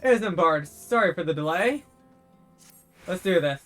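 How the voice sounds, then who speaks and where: A man's voice: high-pitched, animated, unhurried, long pauses, fairly bright tone, faint music behind. A man casually commenting while playing a fantasy game, chatty with self-mocking asides. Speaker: game streamer.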